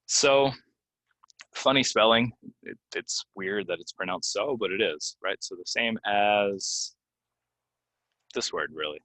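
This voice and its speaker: A man teaching English pronunciation in a relaxed video lesson, explaining casually with plenty of fillers and repeating words slowly. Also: fairly low pitch, no echo, poor audio. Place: Florida.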